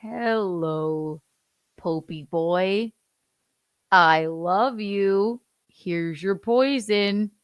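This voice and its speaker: A woman voicing a mocking, sneering impression of a male politician, pushed higher and louder than her own voice. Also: drawn-out words, smooth, dry recording, highs cut off. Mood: mock-sinister.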